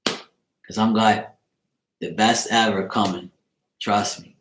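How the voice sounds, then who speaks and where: A man's voice: lowish voice, steady tone, takes it slowly, fairly bright tone. Teasing man in an echoey room. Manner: teasing, joking with viewers. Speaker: tarot reader and streamer host. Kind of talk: casual livestream chat. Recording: roomy echo.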